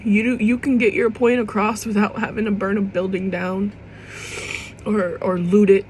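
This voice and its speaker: A young woman in her vlog speaks with a mid-pitched voice, earnest and halting. She keeps restarting and swears casually as she fights back tears. A faint hiss sits behind her voice. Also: little pitch movement, a little mellow, poor audio. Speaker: vlogger. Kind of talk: emotional personal monologue to camera.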